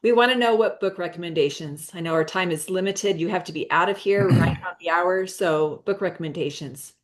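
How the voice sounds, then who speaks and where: A woman moderating a video call, cheerful and hurried as she moves things along. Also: fairly low pitch.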